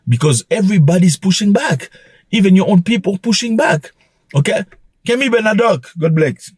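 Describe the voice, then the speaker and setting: A man hosts an opinion vlog, lecturing his viewers with mocking asides. His husky voice sits a bit high and swings widely in pitch. Faint music plays behind him. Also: expressive, moderate pace, no room sound. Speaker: channel host.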